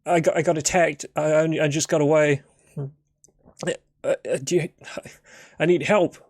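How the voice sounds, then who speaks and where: A man's voice: on the high side, fairly even intonation, moderate pace, darkish tone, no room sound, clean studio sound. A man voicing a panicked male zombie survivor who stammers and pleads for help.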